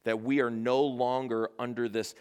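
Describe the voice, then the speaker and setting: A man's voice: mid-range voice, level tone, moderate pace, darkish tone, smooth. A middle-aged man, a pastor, preaching a sermon in an earnest way, repeating phrases for emphasis.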